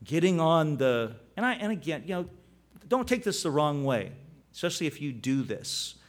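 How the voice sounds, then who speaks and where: A man's voice: a little high, normal speed. A man preaching a sermon in a conversational style. He tells stories, and his delivery shifts between chatty asides and sudden emphatic peaks. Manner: conversational, storytelling with animated emphasis. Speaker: pastor.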